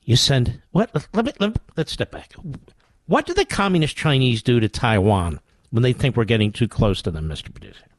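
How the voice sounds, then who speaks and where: A man's voice: mid-range voice, very animated, brisk, no echo. Guy ranting on political talk radio, sarcastic, voice jumps all over, dry sound. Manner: sarcastic, combative, mocking. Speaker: radio talk show host.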